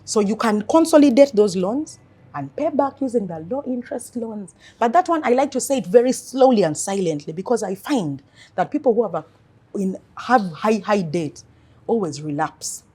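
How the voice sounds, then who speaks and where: Female financial coach, husky, earnest interview delivery. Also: medium pitch, normal speed. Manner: earnest, animated storytelling. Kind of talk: interview advice talk.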